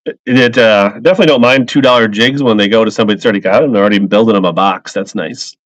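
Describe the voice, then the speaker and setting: Racing along in a fairly low voice, a man runs a live auction of fishing lures on a casual stream, upbeat and rambling as he names each buyer. No room sound comes through, but the lo-fi audio is slightly dull.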